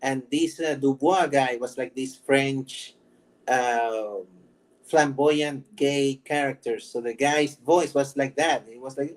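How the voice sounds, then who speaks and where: A man's voice: mid-range voice, slow pace, poor audio. A man hosting his own channel, chatting casually, rambling, laughing often and joking about himself. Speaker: vlog host. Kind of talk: casual chat.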